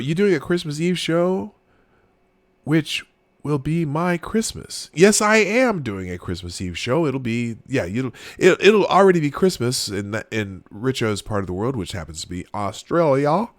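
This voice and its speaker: A man's voice: medium pitch, fairly bright tone, no room sound, clean studio sound. A man in his forties hosting a casual live stream, rambling with frequent restarts and talking straight to his chat viewers. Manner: rambling, restarts often, laughs at own jokes; talks to chat viewers directly. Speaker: live show host.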